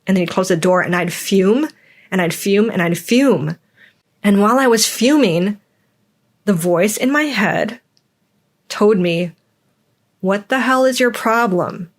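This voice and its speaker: A woman's voice: mid-range voice, lively intonation, unhurried, pauses often. Candid woman musing on her own feelings. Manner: candid, acts out quoted voices. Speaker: podcast host. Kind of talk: personal reflective monologue.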